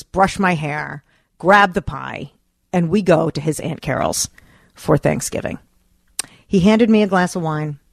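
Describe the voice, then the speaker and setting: Animated woman host telling a personal story. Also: vocal fry, no room sound, clean studio sound. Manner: animated storyteller, acts out her own past lines in a high wail. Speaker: radio show host. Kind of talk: personal storytelling on talk radio.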